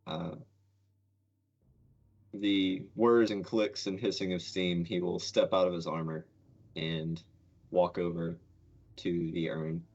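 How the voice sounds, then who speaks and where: Low, slow-talking male player. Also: level tone, darkish tone. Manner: halting, thoughtful. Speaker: tabletop game player. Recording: muffled lo-fi audio with faint music.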